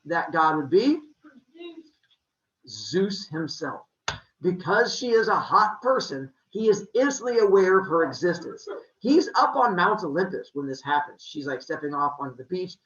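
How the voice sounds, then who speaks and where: A man's voice: high-pitched, normal speed, muffled recording, slight background noise. A man telling a myth as a comic story in a casual, jokey way. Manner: casual, jokey, animated retelling.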